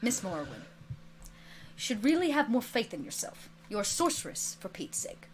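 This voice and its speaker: A woman playing a stern, dryly sarcastic male flight teacher at a witch school, speaking low and quietly in a clipped way. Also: big pitch swings, normal speed, a little hiss or hum.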